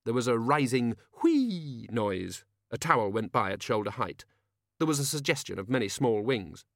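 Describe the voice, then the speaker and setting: A man narrating an audiobook in a measured, dry storytelling manner. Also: medium pitch, big pitch swings, vocal fry, no echo. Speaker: audiobook reader.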